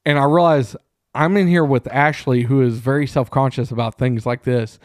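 A man co-hosting a podcast, telling a profane, animated story in casual chat. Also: mid-range voice, normal speed, no room sound, clean studio sound. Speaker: podcast co-host. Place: small room.

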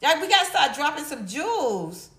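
A woman's voice: high-pitched, sing-song, moderate pace, fairly bright tone. A middle-aged woman hosting a livestream, chatting casually and reading chat comments in a slangy, blunt, laughing way. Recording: echoey room.

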